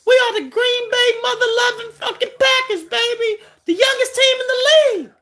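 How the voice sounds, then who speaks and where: A man voicing a brash, high-pitched male fan who loudly taunts and laughs at a rival. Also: moderate pace, heavily acted. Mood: taunting. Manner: loud, taunting, laughing, shouting.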